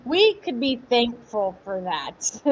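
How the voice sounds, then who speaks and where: A woman's voice: fairly high pitch, sing-song, slow pace. Young woman, upbeat chatty fitness coach, home live stream, faint background hiss. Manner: upbeat, chatty, answers viewers by name, laughs often. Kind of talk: live-stream workout instruction. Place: home workout space. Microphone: camera mic at home.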